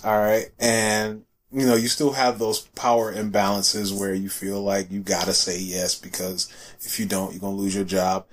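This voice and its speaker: Profane, animated man telling stories. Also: on the low side, moderate pace. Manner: profane, animated storytelling with slang. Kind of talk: casual chat.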